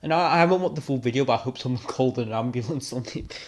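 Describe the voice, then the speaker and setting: A man's voice: mid-range voice, racing. A young man hosting a reaction video, talking casually and mockingly with lots of rambling fillers. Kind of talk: casual commentary over clips.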